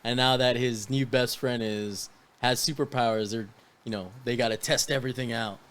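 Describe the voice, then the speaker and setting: Dude cohosting a movie review podcast, swears a lot, gets loud and laughy when hyped. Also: male voice, mid-range voice, moderate pace, clear, resonant tone. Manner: swearing, excitable, laughs and shouts when reacting. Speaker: podcast co-host. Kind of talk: casual movie review chat.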